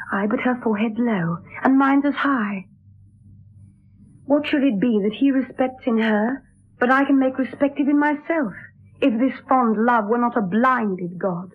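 A woman's voice: fairly high pitch, slightly rough. An actress playing a lovelorn young noblewoman disguised as a boy page, speaking verse in an earnest, wistful way in an old radio play. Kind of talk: 1960s radio drama verse acting. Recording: tinny lo-fi 1960s radio broadcast.

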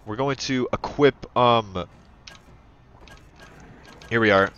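A man giving let's-play commentary, excitable and profane, yelling at the game and talking to his in-game partner like a buddy. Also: mid-range voice, takes it slowly, muffled recording, slight background noise. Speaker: gaming channel host.

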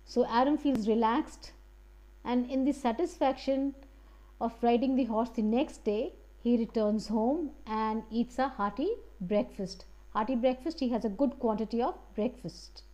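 Woman English teacher, fairly high and mellow voice, steady reading with plain explanations. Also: measured pace. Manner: reads passages aloud and paraphrases them plainly.

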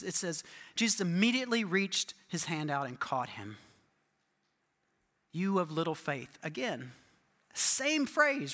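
Animated pastor in an echoing church. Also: male voice, high voice. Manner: animated storytelling, asks listeners "right?". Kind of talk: sermon.

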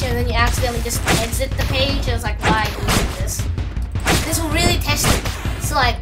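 A woman giving casual let's-play commentary as a channel host, chatty and rambling, breaking into excited yelps and shouts as she plays. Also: high voice. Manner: rambling, chatty asides to viewers. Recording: loud game music behind voice.

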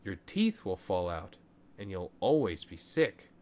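A man voicing a patient but firm mother in a children's storybook, speaking calmly and plainly. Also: low voice, measured pace. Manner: calm, firm and plainly spoken. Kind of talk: storybook reading.

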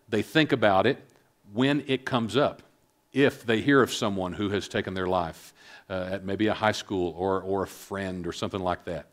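A middle-aged man giving a filmed public talk, speaking earnestly and haltingly with many fillers, calm and reflective. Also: lowish voice. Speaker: speaker on suicide prevention.

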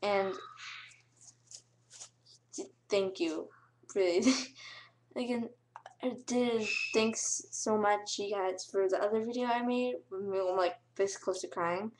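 A woman's voice: a little high, unhurried, long pauses, a little mellow. Giggly teenage girl gushing on camera. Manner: gushing, breathless, giggly, on the verge of tears. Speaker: vlogger. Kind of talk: excited casual vlog thanks.

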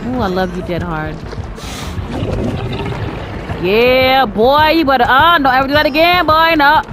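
A woman giving loud, excitable gameplay commentary, cheering her teammates on and trash-talking the opponent. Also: high voice, unhurried, heavy background noise. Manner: trash-talks the killer. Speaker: gaming video creator. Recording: loud game music behind the voice.

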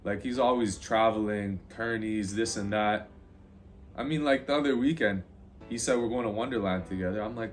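A man's voice: medium pitch, normal speed. Laid-back young man, teasing. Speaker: host's brother. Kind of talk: casual talk to camera.

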